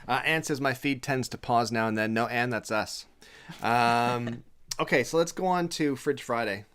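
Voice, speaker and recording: A man's voice: medium pitch, moderate pace, a bit bright, smooth. Jokey man hosting a live chat. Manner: jokey, playful, reads viewer comments aloud. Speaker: show host. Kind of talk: casual live-stream chat.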